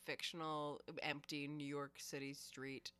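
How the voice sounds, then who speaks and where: Brief: woman podcast co-host, lowish voice, dry close sound, wry and emphatic. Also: little pitch movement, measured pace, sharp tone, clean tone, no echo. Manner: wry, emphatic, swears casually. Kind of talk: casual comedic chat.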